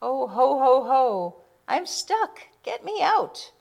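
Jolly old Santa, booming, hearty, storybook, read by a woman. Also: big pitch swings, slow pace, creaky, heavily acted.

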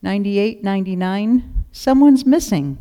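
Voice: mid-range voice, a little slow, pitched above the performer's own voice, natural voice. A storyteller voicing a tired, kindly male shepherd in a children's story. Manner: gentle, tired. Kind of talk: storybook reading.

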